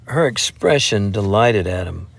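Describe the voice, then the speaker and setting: A man narrating an audiobook in a steady, measured way. His voice sits on the lower side. He reads the story through at an even storytelling pace. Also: vocal fry. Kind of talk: scripted narration.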